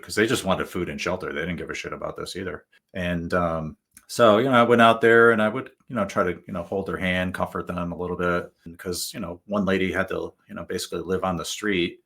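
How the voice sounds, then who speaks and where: A man's voice: low voice, gravelly, fairly bright tone, breathy edge. A male guest telling stories in a casual, rambling way, full of fillers and restarts. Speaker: guest author. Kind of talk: casual storytelling.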